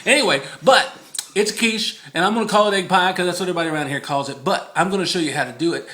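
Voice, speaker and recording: A man's voice: high voice, rapid-fire, pushed and bright. A man chatting casually through a home cooking video, rambling, easily distracted and laughing often, repeating the recipe in a sing-song.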